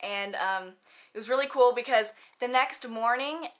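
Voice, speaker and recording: Bubbly, bright-voiced teenage girl vlogger. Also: a little high, normal speed. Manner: bubbly, giggly, lots of fillers and quoted asides. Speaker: student vlogger. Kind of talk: casual chatty vlog.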